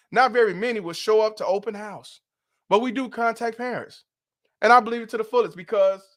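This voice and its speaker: A man's voice: a little high, fairly bright tone. A middle-aged man hosting a livestream, ranting in a blunt, profane and emphatic way. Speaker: host. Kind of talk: livestream commentary rant.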